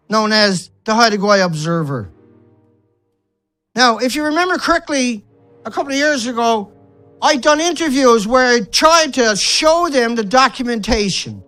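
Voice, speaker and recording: A man's voice: very high-pitched, animated, moderate pace, pushed and bright, soft background music. A man ranting in outrage as an activist, firing rhetorical questions and strings of insults, with some swearing. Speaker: environmental activist vlogger. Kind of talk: angry ranting monologue.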